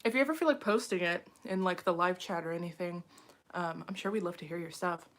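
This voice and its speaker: Reading the chat on her home live stream, this young woman chats with viewers in a frazzled way, her speech packed with fillers. She speaks a little fast in a fairly low voice.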